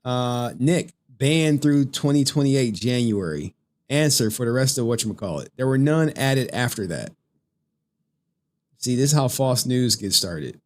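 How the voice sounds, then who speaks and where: Male streamer host, mid-pitched, profane, chuckling, rambling rant. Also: expressive, a little slow. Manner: profane, laughing, rambling, reads super chats. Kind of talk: casual live-stream rant.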